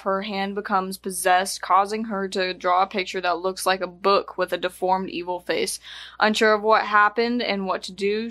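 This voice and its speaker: Woman podcast co-host, bright tone, casual plot read-through with stumbles. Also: mid-range voice. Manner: stumbles over words while reading. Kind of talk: casual chat, reading a plot summary.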